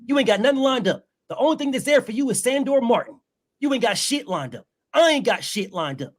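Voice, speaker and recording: A man's voice: very high voice, animated, fairly quick. A man impersonating a brash, cocky male champion boxer who dictates terms in a boastful, profane way. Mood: boastful, demanding. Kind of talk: impression in a boxing debate.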